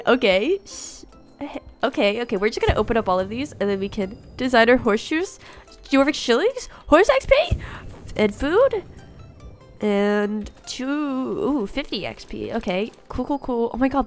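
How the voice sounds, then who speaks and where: Bubbly, somewhat high-pitched woman reacting live to a game update; faint music bed behind. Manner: excitable, gasps and giggles, repeats phrases. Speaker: gaming YouTuber. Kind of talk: excited first-reaction game commentary. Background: faint background music.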